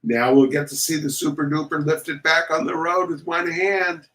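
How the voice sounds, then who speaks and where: A man reading aloud, voicing an excitable young boy who talks in breathless, loud whispers. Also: a little high, moderate pace, voice pushed up, close to an everyday voice. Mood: eager whisper. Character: excitable young boy, eager and easily spooked.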